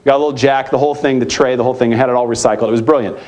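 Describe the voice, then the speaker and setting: A man giving a live keynote talk at a conference, energetic and emphatic, firing off challenging rhetorical questions. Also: mid-range voice, very fast. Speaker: keynote speaker at a youth ministry conference. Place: conference center hall.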